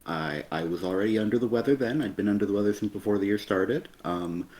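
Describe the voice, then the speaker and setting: A man with a somewhat low voice chats casually about comics on a stream. He speaks softly, and his voice sounds a little strained from a lingering illness. He wanders through his thoughts with many ums and restarts. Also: fast talker. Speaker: co-host of a comic review stream. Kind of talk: casual chat.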